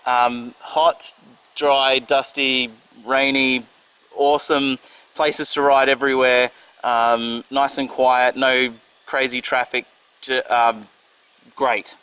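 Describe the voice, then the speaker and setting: A man's voice: mid-range voice, steady tone, measured pace, a bit bright, a little hiss or hum, low-quality recording. A young Australian man reading out fan questions for his motorcycle vlog, laid-back, with dry joking answers. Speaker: motorcycle vlogger. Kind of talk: casual Q&A vlog.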